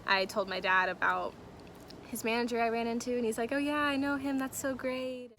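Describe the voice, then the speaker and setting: A woman's voice: a little high, steady tone, a little fast, a bit bright, slight background noise. A young woman telling a personal story to her camera in a chatty, emotional way, with lots of fillers. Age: young adult. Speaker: vlogger. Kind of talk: casual story-time vlog.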